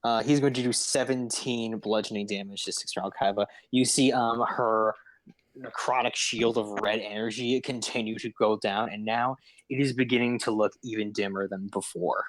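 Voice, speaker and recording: A man running a tabletop game as game master, narrating slowly with many fillers and tallying dice aloud. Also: on the low side, fairly even intonation, low-quality recording.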